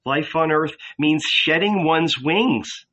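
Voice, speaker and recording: A man doing a trembling, pleading gentle teacher. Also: a little high, slow, lo-fi sound, heavily acted.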